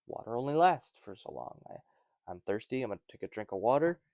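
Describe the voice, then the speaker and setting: A man's voice: medium pitch, big pitch swings, fast, darkish tone, no room sound, highs cut off. A man hosting a casual Bible study, reading passages and commenting with wry, rambling asides.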